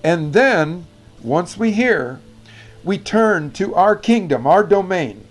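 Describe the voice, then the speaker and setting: A man giving an animated, emphatic Bible teaching on prayer, often correcting himself mid-sentence. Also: high-pitched, slow, faint music behind.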